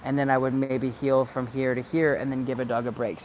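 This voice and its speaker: Flat in delivery and a little fast, his mid-range voice carries a darkish tone over a slight hiss or hum. Near planters outdoors, the dog trainer casually instructs the camera, repeating words while thinking.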